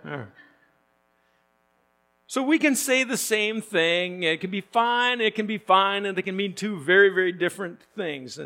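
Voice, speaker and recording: Brief: man preaching, folksy and joking, halting with fillers, fry in the voice. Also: high voice, bright, forceful tone. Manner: conversational and joking, with frequent fillers and restarts. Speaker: pastor. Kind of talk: sermon.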